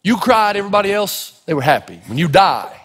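A man from Tennessee preaching a sermon, telling folksy, humorous stories in an animated way. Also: sits high, brisk, breathy edge. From Tennessee, United States. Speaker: pastor. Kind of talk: sermon with storytelling. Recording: echoey hall.

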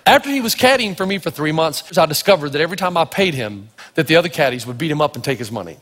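A man from Tennessee preaching a sermon, telling stories with lively energy and acting out the voices of the people in them. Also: on the high side, fast. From Tennessee, United States. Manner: animated storytelling, acting out voices. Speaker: pastor. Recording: reverberant hall.

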